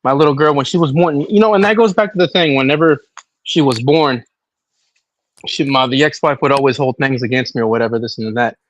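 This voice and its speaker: A man in casual chat, talking loudly and insistently about his own experience. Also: medium pitch, brisk, highs cut off. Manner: emphatic, loud and insistent.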